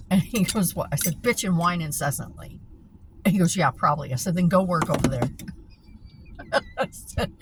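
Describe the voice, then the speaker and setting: Woman vlogger, foul-mouthed and blunt, lively delivery, recorded driving with road noise. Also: sits low, normal speed, long pauses. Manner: blunt, profane, laughs often. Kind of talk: casual storytelling vlog. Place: inside a car while driving. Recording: steady car noise behind. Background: road and engine noise.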